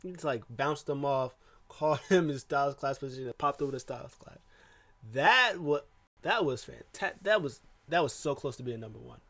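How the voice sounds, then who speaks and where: A man talks through a wrestling show in a loose, casual recap. He rambles, stacks up fillers and restarts his sentences, and his voice sits at an ordinary middle pitch. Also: expressive, normal speed, fairly bright tone.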